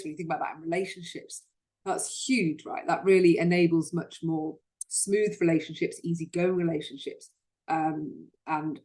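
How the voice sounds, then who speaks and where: A woman hosting a solo self-help talk, speaking earnestly and often repeating words as she starts a sentence. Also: on the low side. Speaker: host.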